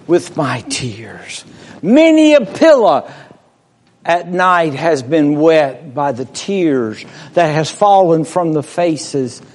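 A preacher delivering a sermon slowly and deliberately, swelling to loud emphasis and dropping to a hush. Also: male voice, a little high. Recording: long reverb of a large hall.

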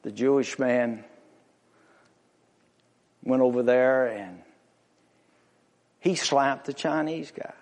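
A man preaching a sermon with an emphatic, drawn-out pulpit delivery. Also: mid-range voice, a little mellow.

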